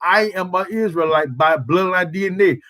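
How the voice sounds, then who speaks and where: High-voiced emphatic man preaching. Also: moderate pace, fairly bright tone. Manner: emphatic, rhetorical questions, colloquial. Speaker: preacher leading prayer service. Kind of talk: sermon.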